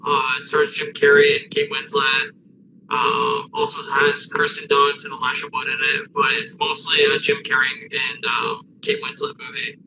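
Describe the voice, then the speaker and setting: A man co-hosting a casual podcast, enthusiastic and swearing freely, his voice breaking into glitchy robotic call audio. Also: on the high side. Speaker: podcast co-host. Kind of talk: casual chat. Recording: noisy remote call line.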